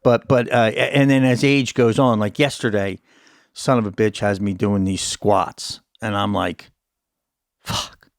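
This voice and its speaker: A man in his sixties with a gravelly, fry-laced voice, chatting as a podcast host. He swears freely and laughs at his own stubbornness. The sound is dry and close, with no room around it. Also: on the low side, steady tone, normal speed, dry recording. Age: 60s. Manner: profane, self-mocking storyteller. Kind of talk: casual interview chat.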